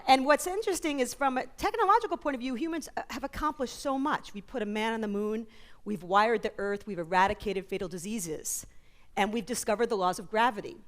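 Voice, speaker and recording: A woman talks on a conference stage at a middle pitch. She tells stories in an animated way and drops in quick jokes and asides. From New York, USA. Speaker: author and psychologist guest. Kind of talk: conference interview talk.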